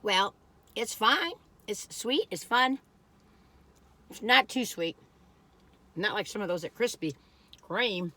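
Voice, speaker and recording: A woman's voice: medium pitch, expressive, slow pace, long pauses, sharp tone. A middle-aged woman chatting casually in a meandering, folksy way while reviewing food. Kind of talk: casual rambling chat.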